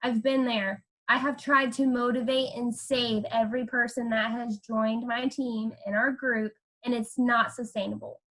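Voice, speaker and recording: High-voiced emphatic woman coaching. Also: little pitch movement, measured pace, hardly any pauses, a bit bright. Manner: emphatic, repeats "okay?" for stress. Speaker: team leader on a group call. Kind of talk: coaching talk.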